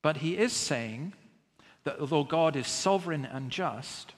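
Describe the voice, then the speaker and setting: A man's voice: fairly high pitch, animated, measured pace, in a large hall. A man preaching a sermon in an earnest, emphatic way, often asking rhetorical questions.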